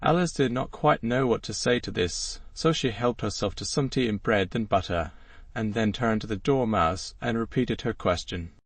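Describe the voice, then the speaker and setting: A man narrating an audiobook in an even storytelling manner. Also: fairly low pitch, moderate pace, few pauses, no room sound, far from the mic.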